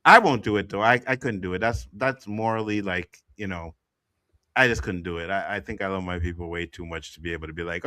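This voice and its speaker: A man's voice: low voice, a little fast, sharp tone, no room sound. A man talking casually as a podcast panelist, often repeating his words as he goes. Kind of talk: casual chat.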